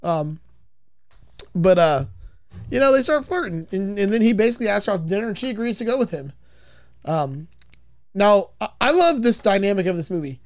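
Laughing, foul-mouthed film recapper. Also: male voice, sits high, fairly quick, long pauses. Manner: laughing, swearing, animated retelling. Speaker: podcast host recapping a film. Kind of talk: casual chat.

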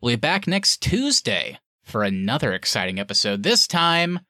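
A man's voice: medium pitch, moderate pace, no echo, clean studio sound. A man hosting a podcast, closing out the episode in a casual, enthusiastic way. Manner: animated, enthusiastic outro delivery. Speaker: podcast host.

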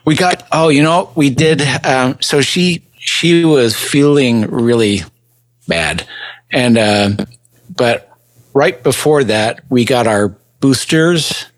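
Man, podcast co-host, slow and halting, dry close recording. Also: medium pitch, no room sound. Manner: halting, restarts often, slow and searching for words. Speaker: band member, podcast co-host. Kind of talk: casual chat.

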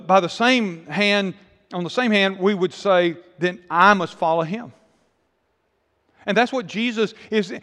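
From the pulpit, a pastor with a high voice gives an earnest sermon that rings out with a long hall reverb. Repeating phrases and restarting quickly, he hammers his points home, sometimes going low and soft.

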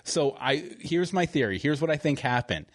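A man's voice: fairly high pitch, expressive, moderate pace, no echo, clean studio sound. A man hosting a podcast in casual chat, rambling and chuckling as he corrects himself. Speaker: podcast host.

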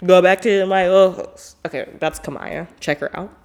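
A podcast host delivers a casual monologue, blunt, emphatic and profane, animated and stuffed with "like." Her voice is on the low side and creaky, moving at a moderate pace.

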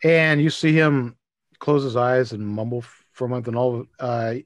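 A man runs a tabletop game, narrating scenes in a quick, rambling way full of restarts. His voice is of middling pitch and the sound is close and dry. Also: level tone, no room sound. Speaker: game master.

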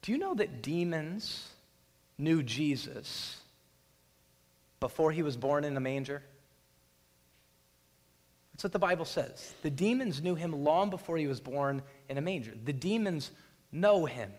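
A man preaching a sermon, retelling a scripture scene dramatically and acting out the voices, building to loud peaks. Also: on the high side, lively intonation, unhurried, pauses often. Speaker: pastor. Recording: long reverb of a large hall.

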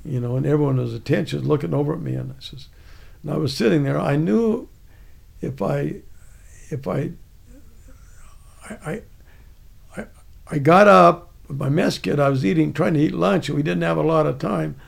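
An older veteran rambles through his memories, restarting often. His voice is heavily gravelly and raspy. It sits a little high for a man. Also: moderate pace, long pauses. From United States. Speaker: guest, army veteran. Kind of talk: casual storytelling.

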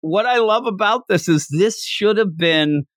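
A man's voice: high voice, animated, unhurried, dry recording, clean studio sound. A man co-hosting a casual chat, animatedly retelling scenes and acting out the lines. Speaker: podcast co-host. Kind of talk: casual chat about a manga chapter.

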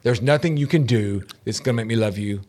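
A middle-aged man co-hosting a casual talk show, animated and laughing often as he acts out quotes in shifting voices. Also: mid-range voice, a little fast. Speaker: podcast co-host. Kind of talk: casual chat.

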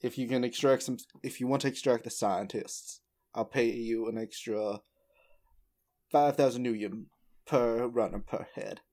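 A swaggering fixer with a put-on Southern drawl, played by a man at the game table. He talks smooth and slow and breaks into laughs now and then. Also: medium pitch, darkish tone, natural voice. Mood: smooth-talking. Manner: laughs often, slips out of character.

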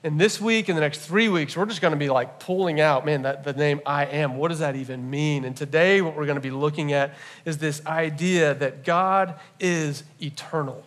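A man with a somewhat high voice preaches a sermon to his congregation. He teaches in a relaxed, conversational way, animated and playful, often turning to the room with quick asides. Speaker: pastor. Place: church service.

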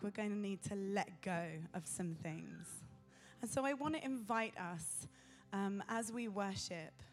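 A woman preaching a sermon in an earnest, pausing way. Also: mid-range voice.

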